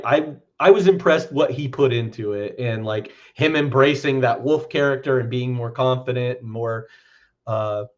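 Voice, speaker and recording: A man talks haltingly, searching for words as he chats casually. His voice comes through a computer's built-in mic and sounds dull and lo-fi. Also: mid-range voice. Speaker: podcast co-host. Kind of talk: casual chat.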